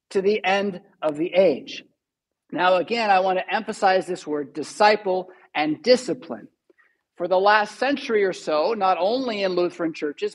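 A man's voice: high voice, husky, rough recording. A male pastor giving a sermon in a church, teaching steadily and stressing key words. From United States.

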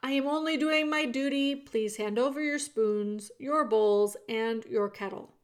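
A woman reading aloud, voicing a dutiful male soldier who speaks in a loud, formal, matter-of-fact way. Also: sits high, a little slow.

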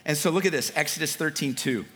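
Casual preacher in a reverberant hall. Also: male voice, a little high, quick pace, a bit bright. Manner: conversational preaching with casual slang and fillers. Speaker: pastor. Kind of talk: sermon.

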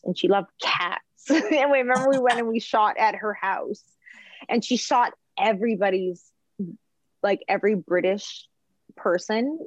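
A woman's voice: medium pitch, no echo, dull audio. Chatty woman telling kitchen stories. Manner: chatty and animated, lots of "like" and "um", laughs while telling stories. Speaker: chef and food journalist, podcast guest. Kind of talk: casual storytelling chat.

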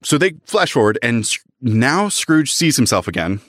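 A young man on a casual book podcast, reading passages aloud with lively voices and joking about them. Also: medium pitch, moderate pace, no echo, studio quality.

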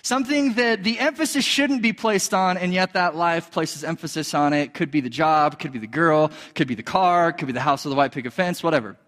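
High-voiced, lively young preacher in a hall. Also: male voice, fairly quick, few pauses. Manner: energetic, joking, hypes the crowd. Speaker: youth pastor. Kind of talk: sermon with a live stage demonstration. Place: large hall with a live audience. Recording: long hall reverb.

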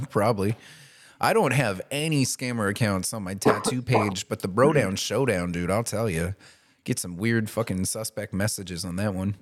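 A man co-hosting a podcast in casual chat, laid-back and high, laughing often and swearing. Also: moderate pace. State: high on marijuana. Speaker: podcast co-host.

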